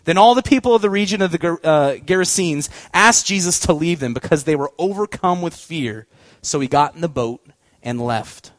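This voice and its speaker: Lively high-voiced man preaching. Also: moderate pace, no echo. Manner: animated, acts out voices, laughs often. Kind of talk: storytelling sermon.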